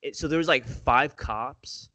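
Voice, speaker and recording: A man's voice: medium pitch, a little slow, sharp tone, dry recording. A young man co-hosting a podcast in casual chat, slangy and swearing often, calling his friend dude and bro. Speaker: podcast co-host.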